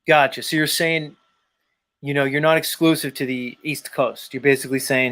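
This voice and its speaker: A man hosting a live stream, talking casually in an animated, rambling way with frequent swearing. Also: mid-range voice, normal speed. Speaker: host.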